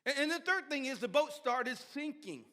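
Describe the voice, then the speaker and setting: A man preaching a sermon as pastor, animated, with sudden shouts and soft drops, often repeating and restarting words. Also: extremely high pitch, moderate pace. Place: church sanctuary. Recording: long hall reverb of a church sanctuary.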